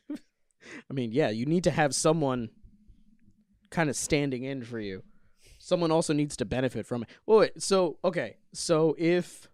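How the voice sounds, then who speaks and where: A man's voice: fairly high pitch, expressive, unhurried, pauses often, darkish tone, no echo, studio quality. A young man co-hosting a casual comedy podcast, joking around, laughing often and slipping into silly voices. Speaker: podcast co-host.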